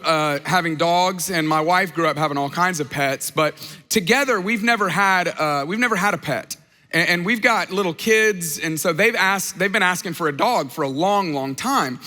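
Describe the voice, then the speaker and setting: A man in his thirties gives a casual, story-driven sermon and keeps asking his congregation questions. His voice sits high and sounds bright and sharp. The long reverb of a large church hall trails every phrase. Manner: conversational storytelling, asks the crowd questions. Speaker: pastor.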